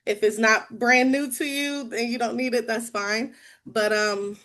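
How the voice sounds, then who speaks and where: A woman's voice: on the high side, fairly even intonation, measured pace, a bit bright. A bubbly, chatty woman with a slightly raised voice talks through her sales tips on a video call. She sounds casual and laughs easily, in the manner of an inside sales agent coaching a room of peers. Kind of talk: casual training talk on a call.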